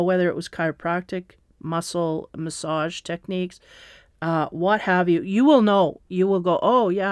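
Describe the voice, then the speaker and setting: Smooth-voiced woman giving a slow tarot reading. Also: on the low side, no echo, clean studio sound. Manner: slow, meandering, reassuring, with fillers and soft laughs. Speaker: tarot reader. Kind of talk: spiritual tarot reading, casual monologue.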